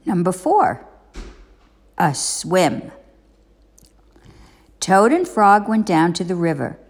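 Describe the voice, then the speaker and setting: A woman reading a children's storybook aloud as a parent, expressive and deliberate. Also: on the low side, in a large hall.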